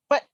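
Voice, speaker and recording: Brief: woman player, slow and laid-back, dry close sound. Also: no room sound, muffled recording. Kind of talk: tabletop game play.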